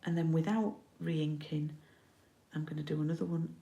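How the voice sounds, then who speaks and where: A woman's voice: low-pitched, steady tone, normal speed, dark tone, roomy sound, muffled recording, a little hiss or hum. A middle-aged woman from the UK giving a casual card-making tutorial, chatty and often checking in with her viewers.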